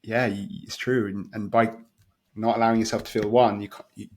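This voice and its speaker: A man hosting a podcast, talking candidly and searchingly, stumbling and repeating words as he thinks out loud. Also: on the low side, flat delivery, brisk. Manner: candid and searching, with many stumbles and soft laughs. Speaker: podcast host and coach. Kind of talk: open conversational chat.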